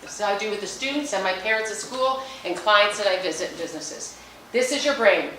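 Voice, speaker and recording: A middle-aged woman giving an energetic, jokey talk on meditation to a business audience. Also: mid-range voice, fast talker, slight background noise. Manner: energetic, chatty, jokey and emphatic. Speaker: speaker at a business luncheon. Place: large hall. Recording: echoey hall, mic at a distance.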